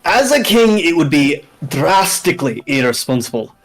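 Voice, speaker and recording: A man's voice: on the high side, very animated, moderate pace, faint music behind. A man voicing an easygoing male king in a tabletop game, speaking in a dry, offhand way.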